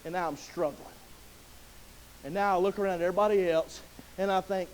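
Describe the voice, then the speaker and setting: A man delivers a sermon from a church pulpit. His voice sits high, and he talks to the congregation in a folksy, joking way before climbing into loud, emotional pleading. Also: a little fast, pauses often, slight background noise, poor audio. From Southern US. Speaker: pastor. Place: church sanctuary.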